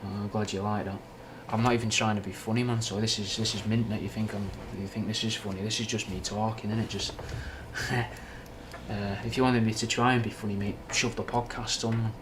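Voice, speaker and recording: A rambling, down-to-earth young man with a Manchester accent and a touch of Scouse, talking casually and swearing now and then. His voice sits fairly low, and faint ambient noise hums underneath. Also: little pitch movement, brisk. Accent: Mancunian with a slight Scouse twang. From Manchester, England. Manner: rambling, frank and swearing, with British slang. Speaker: livestream host answering chat. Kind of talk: casual livestream chat.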